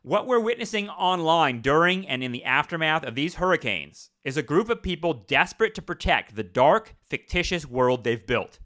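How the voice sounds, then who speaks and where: A man's voice: fairly high pitch, animated, moderate pace, hardly any pauses, pushed and bright. A man hosting a podcast, reading news aloud and breaking off into sarcastic, profane asides. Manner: sarcastic, profane asides between read passages. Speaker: podcast host.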